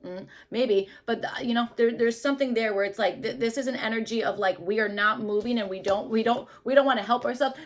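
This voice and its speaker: A woman doing a casual tarot reading to camera, rambling loosely with lots of fillers and hedges, dropping to soft murmurs now and then. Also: fairly high pitch. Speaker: tarot reader.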